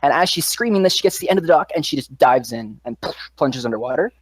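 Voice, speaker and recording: A man's voice: a little high, expressive, fast, no echo. A man running a tabletop game as game master, narrating scenes vividly with loose fillers.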